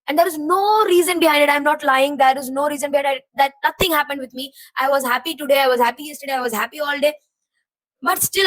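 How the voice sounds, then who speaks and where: This is a personal venting session from a young female vlogger with a high, fairly bright voice. She rambles through jumbled thoughts, confused and frustrated, feeling emotionally heavy, on a rough recording with no room sound.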